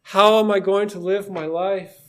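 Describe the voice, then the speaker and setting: A man's voice: sits high, fairly even intonation, measured pace, pitched above the performer's own voice. A man voicing the biblical Cain, an anguished adult man pleading in despair.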